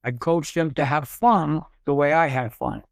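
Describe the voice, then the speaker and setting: Guy coach on a podcast, bit high voice, dry close sound, stumbles over words telling stories. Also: normal speed, clear, resonant tone, no room sound. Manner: storytelling with repeated words and stammers. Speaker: guest coach. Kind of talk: casual interview chat.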